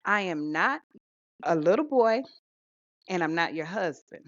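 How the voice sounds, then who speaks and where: A woman's voice: fairly low pitch, expressive, measured pace, fairly bright tone, no echo. A woman voicing an exasperated adult son confronting his mother, with rising, pleading emphasis. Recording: dull lo-fi sound.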